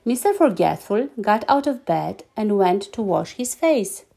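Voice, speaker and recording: A woman reading a children's story aloud, lively and animated, giggling now and then. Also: medium pitch, measured pace, gravelly.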